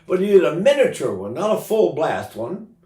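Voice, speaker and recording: A man's voice: on the high side, sing-song, moderate pace, a little mellow. A man in his eighties giving an informal singing lesson as a voice teacher, talking in a chatty way with joking asides. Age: 80s. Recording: roomy echo.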